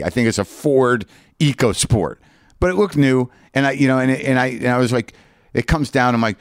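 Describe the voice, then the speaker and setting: A man's voice: medium pitch, no room sound, studio quality. An older man doing stand-up, telling a long story in a ranting, self-mocking way and acting out both sides of the conversation. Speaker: comedian.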